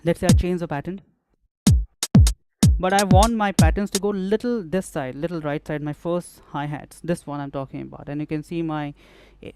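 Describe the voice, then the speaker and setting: A man's voice: a little high, dark tone, clear, resonant tone. A man demonstrating music production gear in a tutorial, explaining step by step and often repeating phrases as he works. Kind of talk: hands-on software tutorial.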